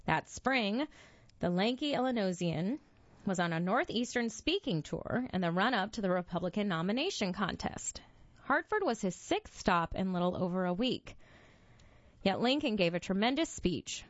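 A woman's voice: no room sound, lo-fi sound. A woman narrating a scripted history story with dramatic storytelling. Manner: dramatic storytelling with lively pitch.

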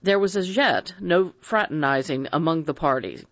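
A narrator reading a mystery novel aloud in an expressive, dramatic audiobook style. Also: medium pitch, normal speed, dry recording. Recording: dry dull lo-fi recording.

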